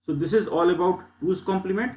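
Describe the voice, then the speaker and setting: A man's voice: high voice, brisk, a little mellow, roomy sound. A man teaching a lecture over slides, explaining step by step and often repeating himself.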